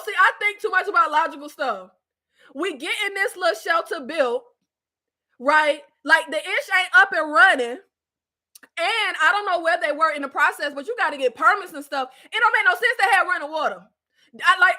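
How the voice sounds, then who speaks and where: A woman with a very high, sharp, forceful voice talks through a series review in a loose, slangy live chat. She is blunt and animated, gets heated enough to yell, and keeps cracking herself up. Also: fairly quick. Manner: animated, gets worked up and yells, laughs at own jokes. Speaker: show reviewer.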